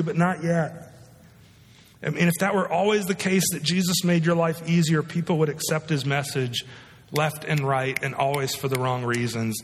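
A male pastor delivers a sermon conversationally in a mid-range voice, frequently posing rhetorical questions to his listeners. The recording has the long reverb of a large hall.

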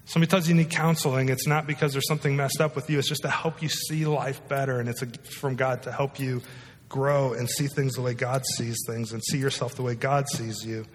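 A man's voice: medium pitch, steady tone, fairly quick, slight background noise. A male pastor preaching a sermon in a conversational way, often asking his listeners questions. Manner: conversational, asks the audience rhetorical questions. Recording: long reverb of a large hall.

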